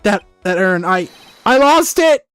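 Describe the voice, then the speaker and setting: A stuttering, whiny crybaby of a thief in a video game, voice pitched way up and breaking into nervous apologies, put on by a man. He trips over his words and sounds ready to cry at any moment. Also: normal speed, faint music behind, lightly acted. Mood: whimpering panic. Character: timid stammering crybaby male thief.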